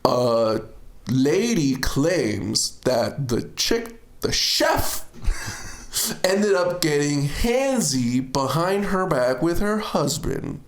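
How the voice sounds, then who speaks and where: A man hosting a podcast, telling stories in a casual, animated way and laughing often. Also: on the high side, very slow, echoey room. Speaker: podcast host. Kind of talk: casual chat.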